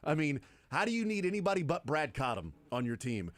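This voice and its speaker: A man's voice: a little high, very animated, brisk, dry recording. A man hosting sports radio talk, rambling in a casual and enthusiastic way about favorite old players. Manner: rambling, enthusiastic, fond of nostalgic player picks.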